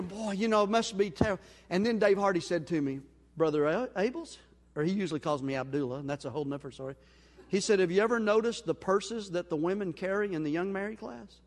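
A male pastor with a high voice preaches in a church sanctuary, where long reverb rings out, acting out a story's dialogue and swinging from loud to hushed. His pace is brisk.

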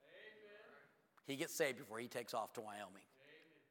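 A man delivers a sermon from the pulpit, moving between plain storytelling and sudden loud, high bursts. His voice is bright and forceful. Long reverb from the church hall trails behind every phrase. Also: moderate pace. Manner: animated storytelling preacher, jumps to loud high exclamations. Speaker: pastor.

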